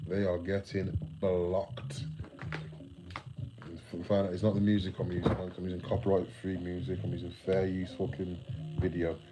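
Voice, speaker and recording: A man's voice: deep voice, poor audio. A man chatting on a late-night livestream, sleepy and yawning, rambling in laid-back slang and swearing freely.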